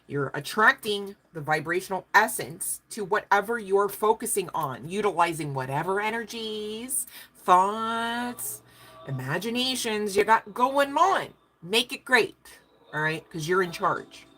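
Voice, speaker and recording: A woman's voice: medium pitch, lively intonation, measured pace, bright, forceful tone. A woman giving a casual spiritual tarot reading, emphatic and chatty, often checking in with her listeners and swearing offhandedly. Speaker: tarot reader.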